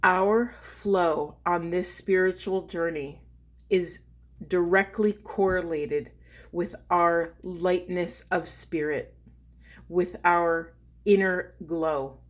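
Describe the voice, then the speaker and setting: A woman, a spiritual coach, doing an intuitive card reading in an earnest, slow and emphatic way, pausing to feel for her words. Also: lowish voice, steady tone.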